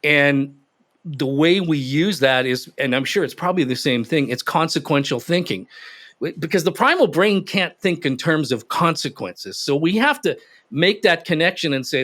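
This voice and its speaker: A man in an interview, telling stories in an animated, emphatic way. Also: a little high, moderate pace. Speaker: guest expert. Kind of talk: interview conversation.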